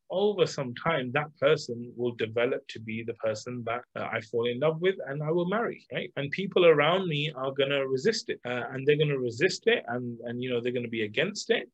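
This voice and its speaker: A middle-aged man, a coach, talking casually about self-love with lots of fillers and lively examples. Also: mid-range voice, breathy edge. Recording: dull lo-fi sound.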